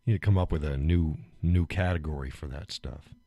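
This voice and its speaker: A man's voice: rumbling low, fairly quick, warm tone. A man hosting a live stream, chatting casually, joking, laughing often and getting worked up as he rants.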